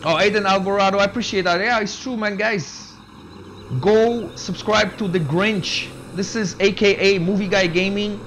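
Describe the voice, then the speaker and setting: A man's voice: sits high, steady tone, normal speed, a bit bright. A young man gaming on a live stream, chatting casually with viewers and dropping "man" and "bro" into every sentence. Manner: laid-back, says "man" and "bro" constantly, reads chat aloud. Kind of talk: casual live-stream chat while playing. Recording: game engine noise behind the voice.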